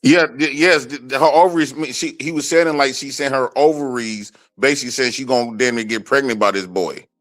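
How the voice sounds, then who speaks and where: A man's voice: medium pitch, brisk, few pauses, a bit bright. A man co-hosting a casual live stream, laid-back and teasing. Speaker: co-host guest.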